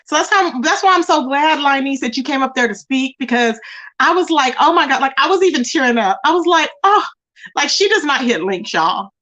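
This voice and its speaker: A woman hosting a live stream gossips casually with her chat, with a high voice that swings widely in pitch. She talks in a mocking, animated way and keeps calling out to the viewers. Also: fairly quick.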